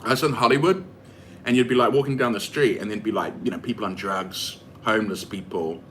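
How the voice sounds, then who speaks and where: A man with a New Zealand accent rambles through casual talk while cooking for his vlog, using lots of fillers. His lowish voice is a bit bright and a little fast, and there's a slight hiss or hum.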